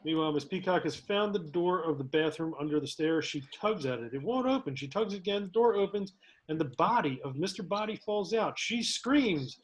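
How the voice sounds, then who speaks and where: A man's voice: high voice, animated, fairly quick, slight background noise. A man reading the stage directions aloud in a casual table read, laughing and stumbling now and then. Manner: reads narration with laughs and slips.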